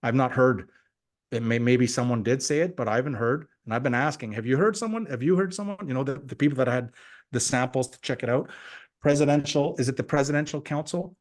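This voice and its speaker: A man giving an energetic, motivational sales talk on a team call. He often repeats himself and acts out quoted conversations. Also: mid-range voice, a little fast. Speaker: guest speaker on a team call. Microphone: call audio.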